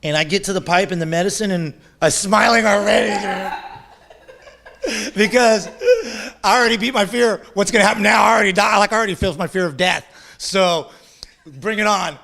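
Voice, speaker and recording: A man's voice: sits high, moderate pace, vocal fry, pauses often, bright, forceful tone. A man, a shaman guest in a casual interview, telling stories with lots of laughter and swearing, and acting out other people's voices.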